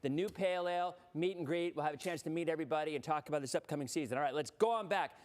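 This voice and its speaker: A man's voice: fairly high pitch, racing. A middle-aged man hosting a live-streamed weather show, chatting casually and laughing between lines.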